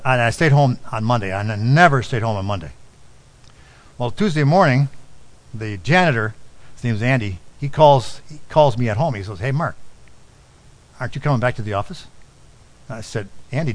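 A middle-aged man preaching a sermon, telling a personal story and dropping to a soft, low voice on key lines. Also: lively intonation, fairly quick, pauses often, rough recording. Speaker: pastor.

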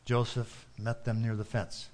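A man narrating a story with a steady, earnest reading manner. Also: mid-range voice, measured pace.

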